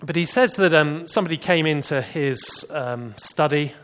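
A man delivers a sermon in a somewhat high voice. He preaches with animation, lifting his voice for emphasis and then dropping low and quiet to land serious points. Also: normal speed. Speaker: pastor.

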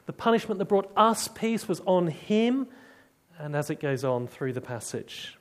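A man preaching a sermon, telling stories and dropping to hushed tones to drive points home. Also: high-pitched, expressive, measured pace.

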